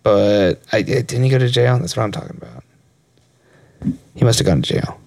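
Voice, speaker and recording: A man's voice: lowish voice, lively intonation, normal speed, gravelly, darkish tone, no echo. A young man co-hosting a podcast in casual chat, rambling, laughing often and swearing freely. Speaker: podcast co-host.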